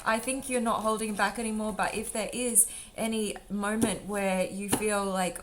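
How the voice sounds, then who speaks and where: A woman's voice: mid-range voice, level tone, measured pace, hardly any pauses, background noise. Chatty woman reading tarot cards. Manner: chatty and rambling, calls viewers sweetheart and darling. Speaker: tarot reader. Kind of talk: casual tarot reading video. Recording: faint drum music underneath. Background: faint drum music.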